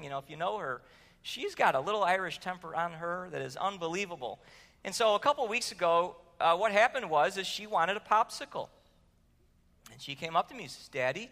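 In a church sanctuary with long hall reverb, a man serving as pastor delivers a conversational sermon, posing questions to the congregation and sharing stories. His voice is high-pitched, pushed and bright.

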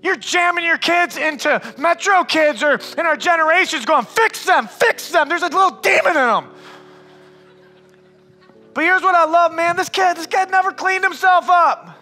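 A man with a very high, bright and forceful voice preaches a sermon. He talks to the room like a friend, keeps saying "man", and swings from loud bursts to near-hushed passages. Soft music plays faintly behind him. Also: normal speed. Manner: calls listeners "man". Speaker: pastor.

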